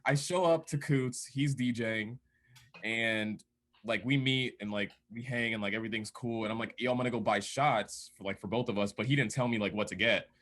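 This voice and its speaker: Casting: man, casual storyteller, animated and laughing, mid-pitched voice. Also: moderate pace. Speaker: DJ and podcast guest.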